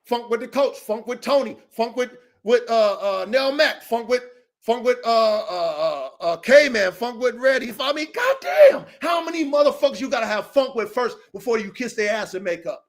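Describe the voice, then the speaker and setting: A man's voice: extremely high pitch, animated, moderate pace. A man hosting a dog-training show, delivering a heated, profane, repetitive rant that calls out a rival.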